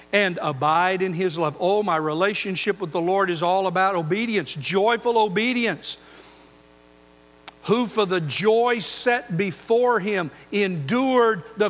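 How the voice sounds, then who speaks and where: An older man preaching a sermon as pastor, earnest, moving between loud emphasis and quiet intensity. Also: sits high, long reverb tail.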